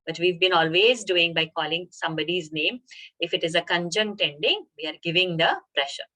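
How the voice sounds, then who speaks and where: Bright-voiced woman teaching chant pronunciation. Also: fairly low pitch. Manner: explains pronunciation patiently, chants slowly. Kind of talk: online chanting class. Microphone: video call.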